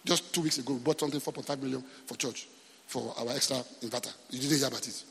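A man's voice: medium pitch, steady tone, fast talker, vocal fry, fairly bright tone, husky, big-room sound. A man with a Nigerian accent preaching a sermon as pastor, often asking the congregation questions and repeating himself.

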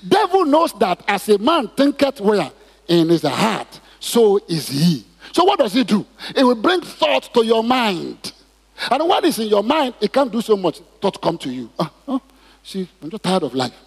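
Pastor guy preaching, kinda high voice, big reverb from the church. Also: wildly swooping pitch, unhurried, creaky, slightly rough. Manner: preaching with call-and-response questions. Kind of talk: sermon. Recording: reverberant hall.

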